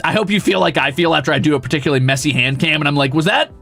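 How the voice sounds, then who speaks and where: A man's voice: on the high side, very fast, gravelly, sharp tone, soft background music. A young man hosting a casual stream, reading viewer messages aloud and ranting about them with profane mock exasperation. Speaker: streamer host.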